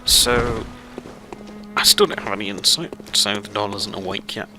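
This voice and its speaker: A man's voice: lowish voice, moderate pace, music in the background, poor audio. A man hosting a let's play, rambling through casual gameplay commentary with lots of fillers and self-deprecating asides.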